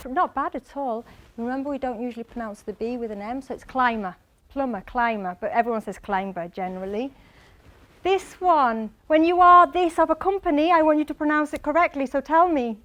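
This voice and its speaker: High-voiced Mancunian woman teaching English. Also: a little fast. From England, Manchester. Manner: animated, quizzes the audience by name. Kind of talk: lively classroom lecture. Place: lecture hall.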